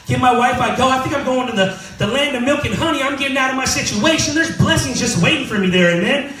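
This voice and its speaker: High-pitched thirtysomething pastor from california joking with his church, sounds a bit far off in a big echoey room. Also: fast, pushed and bright. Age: 30s. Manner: casual storytelling, jokes with the congregation. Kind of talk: sermon. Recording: roomy hall mic from a distance.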